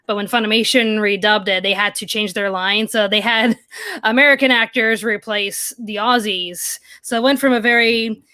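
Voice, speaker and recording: A woman co-hosting a live podcast, telling a story in an animated way. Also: a little high, moderate pace, no echo. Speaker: podcast co-host. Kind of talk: casual live podcast chat.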